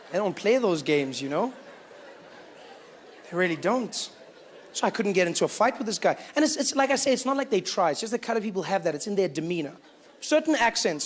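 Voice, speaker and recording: A man's voice: sits high, a little hiss or hum. A man with a South African accent doing stand-up comedy in a casual, conversational way. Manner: conversational, filler-heavy.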